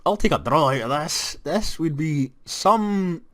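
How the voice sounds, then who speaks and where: A young Scottish man giving casual let's-play commentary on a football management game, moving from flat disappointment to excited shouts. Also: a little high, slow. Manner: animated, jumps to excited shouts at goals. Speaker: gaming commentator.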